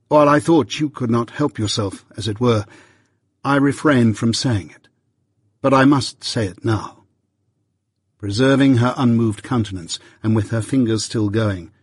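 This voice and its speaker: Man, audiobook narrator, husky voice, dry close sound, measured earnest reading. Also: medium pitch, dry recording. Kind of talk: first-person novel narration.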